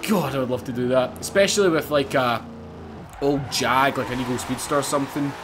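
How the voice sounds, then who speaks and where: A young man giving excitable, casual commentary over his racing game, swearing and laughing as he drives. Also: mid-range voice, a little fast, background noise. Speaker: gaming YouTuber. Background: game music and car engines.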